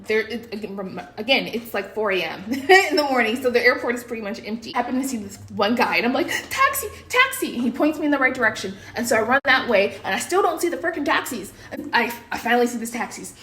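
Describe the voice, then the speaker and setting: A fast-talking American woman in her thirties, her voice a little high, shares a casual story with viewers; the sound is roomy with a little hiss or hum. She's animated and breathless, acting out her panicked shouts.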